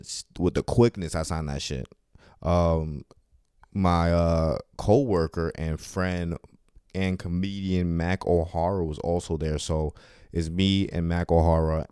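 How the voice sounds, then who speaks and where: A man's voice: sits low, a little mellow, clear, resonant tone, dry recording, studio quality. A man who does stand-up comedy, hosting his own podcast and telling casual, profane, slang-filled stories about his week. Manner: loose, profane, slang-heavy storytelling. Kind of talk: casual solo storytelling podcast. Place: New York City.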